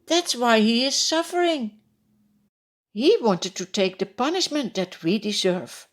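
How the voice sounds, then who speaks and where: Slow, expressive woman telling a children's story. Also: fairly high pitch. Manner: asks the young listeners direct questions. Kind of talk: Bible story narration for children.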